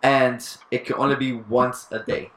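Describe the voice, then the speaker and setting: A man hosting a casual podcast, leading the topic in a relaxed way and swearing now and then. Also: medium pitch, moderate pace, echoey room. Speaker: podcast host. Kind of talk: casual chat.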